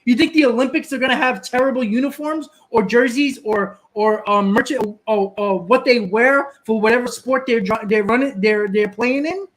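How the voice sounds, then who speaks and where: A man's voice: extremely high pitch, moderate pace, few pauses. A man hosting a live stream, ranting casually, often repeating and restarting words and answering viewers in the chat.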